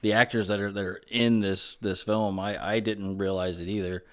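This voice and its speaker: A man with a lowish voice chatting on a movie podcast. He eagerly rattles off cast trivia and scene details with plenty of restarts. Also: level tone, moderate pace, a bit bright, clean tone. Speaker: podcast co-host. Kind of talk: casual movie review chat.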